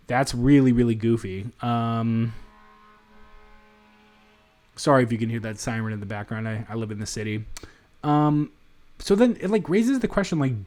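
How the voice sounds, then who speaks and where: Lively-voiced man thinking aloud over a game. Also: mid-range voice. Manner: thinks aloud, rambling, many fillers and restarts. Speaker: gamer. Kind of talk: let's play commentary. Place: apartment in a city.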